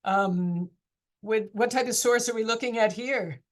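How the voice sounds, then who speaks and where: A woman teacher leads a casual online class discussion, chatty and encouraging as she asks her students one question after another. Her voice is a little high and her pace a little slow.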